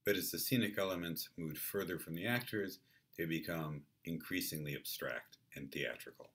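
A male lecturer with a low, husky voice explains ideas in a clear, measured way. His tone is bright and crisp-edged despite the depth. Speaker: theatre lecturer. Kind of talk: university lecture.

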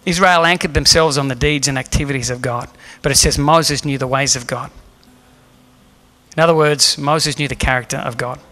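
A man's voice: medium pitch, normal speed, sharp tone. A man preaching a sermon as pastor in a church, earnest and emphatic, asking the room rhetorical questions. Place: church hall.

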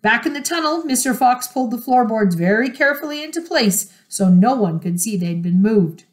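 A woman reading a children's storybook aloud in an expressive, measured way. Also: on the high side. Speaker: storybook reader.

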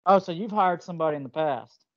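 A man co-hosting a podcast interview, telling stories in an animated, slangy way. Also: a little high, fast talker, dry recording. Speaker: podcast co-host. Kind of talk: casual interview chat. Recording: dull lo-fi sound.

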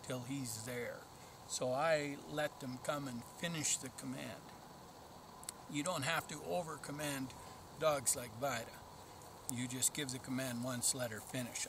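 A man's voice: medium pitch, noisy background. A man explaining dog training in a plainspoken, practical way while out in open country. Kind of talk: outdoor training vlog.

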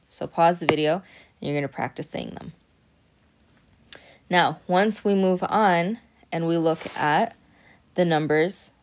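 Lady teacher walking through arabic numbers slow and patient, a bit low voice, keeps saying okay. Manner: patient, explaining step by step with frequent "okay". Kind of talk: recorded classroom lesson.

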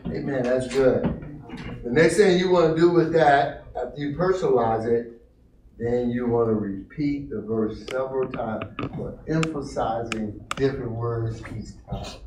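A man, a pastor, teaching his congregation how to study scripture, animated and encouraging as he calls on people. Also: mid-range voice, unhurried. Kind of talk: interactive Bible teaching. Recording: roomy church room, mic at a distance, faint noise.

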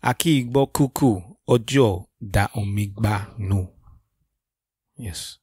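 A man's voice: fairly low pitch, slow, darkish tone, breathy edge, no echo, studio quality. A man co-hosting a podcast in casual chat, laid-back and drawling. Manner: laid-back, drawling, says yes repeatedly. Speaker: podcast co-host.

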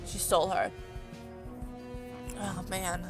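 A young woman commentating on a video game as she plays, chatty and excitable, talking into a desk mic. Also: lowish voice, slow, over music. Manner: excitable, chatty, reads game dialogue aloud. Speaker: let's play host. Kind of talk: casual gameplay commentary.

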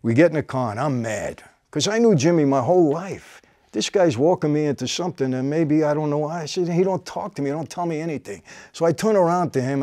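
A man's voice: no echo, studio quality. New man telling a tense story. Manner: vivid storytelling, drops to a low quiet voice for tense moments. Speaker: host telling a personal story. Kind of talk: casual storytelling conversation.

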